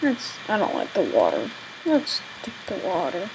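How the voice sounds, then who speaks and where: A woman's voice: fairly low pitch, wildly swooping pitch, normal speed, creaky, a little hiss or hum, poor audio. A young woman giving chatty, exasperated commentary on her own gameplay, exclaiming often. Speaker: gaming channel host.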